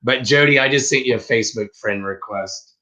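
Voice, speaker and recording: A man's voice: medium pitch, brisk, bright, forceful tone. A man co-hosting a casual live stream, playful and chatty, who jumps into silly voices. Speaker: co-host of a reselling live show. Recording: dull lo-fi stream audio.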